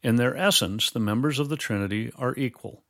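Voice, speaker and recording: A man teaching Bible doctrine in a measured, explanatory way, quoting scripture formally. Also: medium pitch, fairly bright tone, dry recording, studio quality. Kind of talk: scripted theological dialogue.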